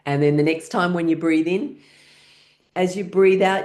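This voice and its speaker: Over a video call, a woman with a fairly low, slightly mellow voice leads an online laughter yoga class, speaking a little slowly with long pauses. She coaxes participants through breathing, shaking and clapping, and bursts into rhythmic laughter herself.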